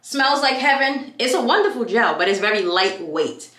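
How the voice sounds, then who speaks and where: A woman's voice: a little high, animated, moderate pace, a bit bright. Hyped young woman from new york rambling while doing her hair, voice bouncing all over, kinda roomy sound. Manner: hyped, chatty, tangent-prone. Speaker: beauty vlogger. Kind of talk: casual chat while styling hair.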